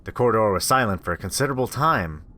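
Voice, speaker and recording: A man's voice: lowish voice, fast. A man reading a horror visual novel aloud, reacting and joking between lines, into a desktop microphone. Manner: expressive, reacts aloud, swears. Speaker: let's play host.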